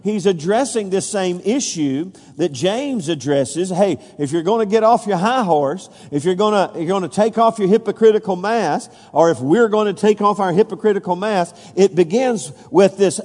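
A man's voice: sits high, animated, normal speed, hardly any pauses, darkish tone. Man preaching in an echoing hall. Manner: folksy preaching with many fillers and restarts, rising emphatically on scripture. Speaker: pastor. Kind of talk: sermon. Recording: long reverb of a large hall.

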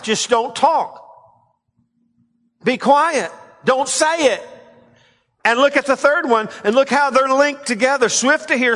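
A male pastor preaching a sermon, leading the congregation in call-and-response and swinging between loud emphatic lines and quiet asides. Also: very high voice. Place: church sanctuary. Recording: long hall reverb.

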